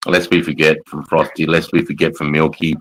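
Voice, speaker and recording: Deep-voiced, sweary Australian man. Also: level tone, a little fast, fairly bright tone, low-quality recording. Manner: blunt, heavy swearing, matey. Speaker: livestream host, army veteran. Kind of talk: casual livestream chat, reading comments.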